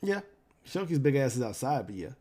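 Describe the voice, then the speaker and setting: A man running a tabletop game as game master, narrating scenes in a relaxed, descriptive way. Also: mid-range voice, a little fast, husky.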